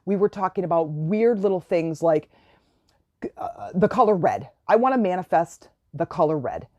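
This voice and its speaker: A woman hosting a spiritual self-help podcast, telling stories in a chatty way and breaking into excited exclamations as she instructs her listeners. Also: on the low side, moderate pace, no room sound. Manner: gives direct instructions to listeners. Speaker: podcast host.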